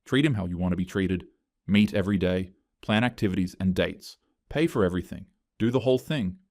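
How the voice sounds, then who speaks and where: A man's voice: deep voice, fairly quick, darkish tone, dry recording, studio quality. A man voicing a blunt, teasing adult brother in a scripted story, speaking matter-of-factly.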